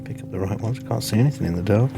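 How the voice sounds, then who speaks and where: A man's voice: fairly low pitch, very fast, gravelly. A man playing a tabletop game, making wry, joking asides. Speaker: player. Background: background music.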